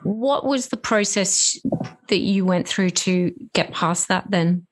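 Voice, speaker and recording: A woman's voice: lowish voice, slow pace. A woman interviewer asking questions and murmuring agreement. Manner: attentive, with frequent murmured acknowledgements. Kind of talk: conversational interview.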